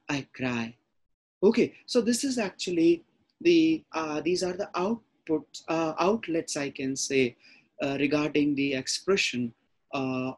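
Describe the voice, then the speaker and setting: Indian English college lecturer, male, husky, repetitive explanatory delivery. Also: a little high, a little mellow. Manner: repetitive, explanatory, paraphrasing line by line. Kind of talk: classroom lecture explaining a sonnet.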